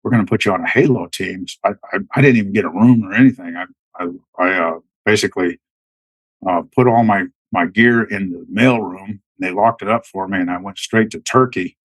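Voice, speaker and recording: A man's voice: deep voice, moderate pace, no room sound, rough recording. A middle-aged man, a military veteran, telling stories as a podcast guest in a rambling way, full of restarts and fillers. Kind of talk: casual storytelling.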